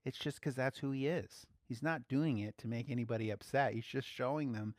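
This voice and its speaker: A man's voice: mid-range voice, brisk, a little mellow, dry recording, studio quality. A man giving a casual, playful sermon, laughing often as he speaks. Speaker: preacher.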